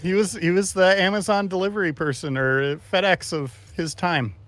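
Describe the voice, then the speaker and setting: A man's voice: high voice, fairly even intonation, normal speed, fairly bright tone, no room sound. A man co-hosting a game livestream, chatting casually with dry amusement and relaying viewer comments. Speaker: co-host reading chat.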